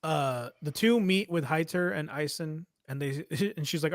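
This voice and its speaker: A man's voice: on the high side, a little slow, no room sound, clean studio sound. A man co-hosting a podcast, retelling episodes in a casual, profane, laughing way. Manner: profane, animated, laughing storyteller. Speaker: podcast co-host. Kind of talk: casual recap chat.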